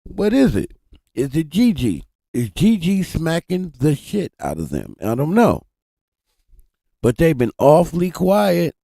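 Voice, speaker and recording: A man's voice: a little high, measured pace, gravelly, no room sound, clean studio sound. A man hosting a live stream, talking animatedly to his chat in a casual, profane way. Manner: animated, swears freely, addresses chat directly. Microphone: desk mic.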